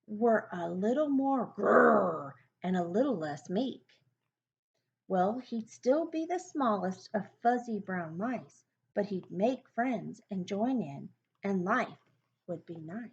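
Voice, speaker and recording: A woman reading a rhyming picture book aloud, with a slow, sing-song delivery and chatty asides to her listener. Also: a little high, expressive, darkish tone, lo-fi sound. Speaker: storybook reader.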